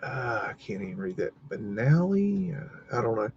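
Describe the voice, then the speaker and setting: A man's voice: medium pitch, sing-song, normal speed, gravelly, darkish tone, slightly rough, lo-fi sound. A man hosting a live stream, chatting casually and rambling as he looks at buildings, muttering and swearing now and then. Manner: rambling, muttering, mildly cursing. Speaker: livestream host.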